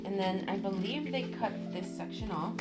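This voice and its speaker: A woman vlogger chatting casually and gushing excitedly while unboxing, with background music under her voice. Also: mid-range voice, normal speed.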